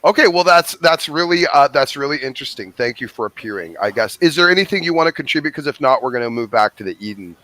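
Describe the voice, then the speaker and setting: A man's voice: medium pitch, expressive, fast, hardly any pauses, pushed and bright, no room sound. A man hosting a live call-in stream, wordy, often restarting his sentences. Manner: wordy, with frequent restarts and fillers. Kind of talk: casual live-stream chat.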